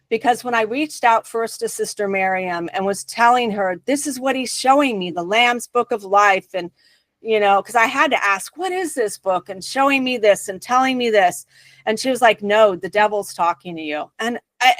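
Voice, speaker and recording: A woman guest in an interview, earnestly telling a personal spiritual story with emphatic pauses. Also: fairly high pitch, fairly bright tone, no echo.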